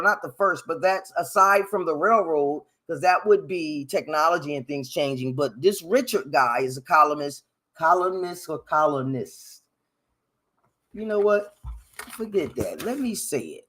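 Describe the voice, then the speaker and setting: A man hosting a solo history talk, rambling with joking asides, correcting himself often and breaking into loud animated bursts. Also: high voice, measured pace. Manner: loud animated bursts, sound-effect "ding" noises. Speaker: podcast host. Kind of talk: unscripted solo history commentary. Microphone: headphones and desk mic.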